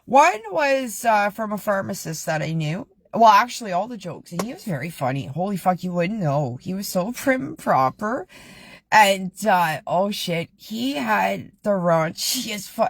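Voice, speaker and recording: A woman's voice: mid-range voice, dry recording. A woman hosting a casual comedy podcast, who laughs often, swears freely and tells jokes. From Canada. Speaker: podcast host.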